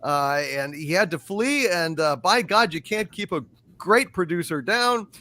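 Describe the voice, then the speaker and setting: A man with a high-pitched voice hosts a live pop culture panel show. He runs the talk with a wry, sarcastic edge. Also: expressive, a little slow, pushed and bright. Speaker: host.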